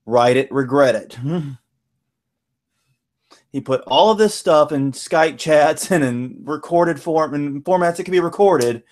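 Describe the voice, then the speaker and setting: A man's voice: a little high, darkish tone. A man hosting a casual podcast conversation, chatty and wry, laughing often between points. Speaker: podcast host.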